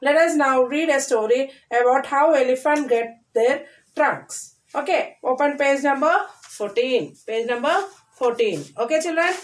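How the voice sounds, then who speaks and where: Teacher lady, highish voice, says each word twice for the kids. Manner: repeats words slowly for children to echo. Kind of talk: recorded class lesson.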